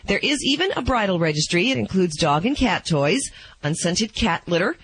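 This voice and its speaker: A man's voice: sits high, very animated, moderate pace, a bit bright, breathy edge, no echo, low-quality recording. Male radio news reader, plain voice, light jokey asides. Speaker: news reporter.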